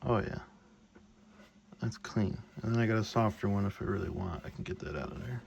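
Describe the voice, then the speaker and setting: A young man thinking aloud and getting excited as he works in a home workshop, filming a casual maker vlog. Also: lowish voice, fairly quick, vocal fry, muffled recording, heavy background noise. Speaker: maker vlogger.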